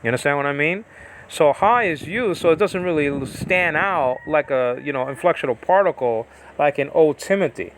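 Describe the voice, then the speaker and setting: Bible teacher, man, slightly high voice, rambling lecture style, faint hiss behind. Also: expressive, moderate pace, fairly bright tone. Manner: rambling, checks understanding often, many fillers. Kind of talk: informal Bible study lesson.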